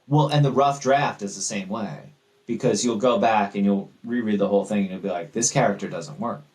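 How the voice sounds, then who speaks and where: Low-voiced thoughtful male author guest. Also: a little fast, poor audio. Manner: thoughtful, animated, self-deprecating. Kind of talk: casual interview chat.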